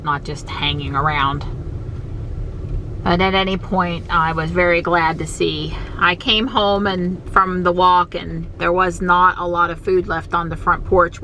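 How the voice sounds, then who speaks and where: Lady rambling on her vlog in the car, kinda low pitched, little bit of engine noise behind. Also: sharp tone. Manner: chatty, rambling, coos to her cats. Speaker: vlogger. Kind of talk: casual chat while driving.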